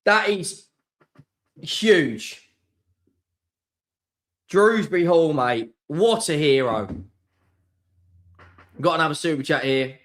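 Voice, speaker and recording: Young man, football watchalong host, higher register, slow-paced, sweary, volatile between shouting and mumbling. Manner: excitable, swears, swings from shouting to muttering. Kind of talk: live match watchalong reaction.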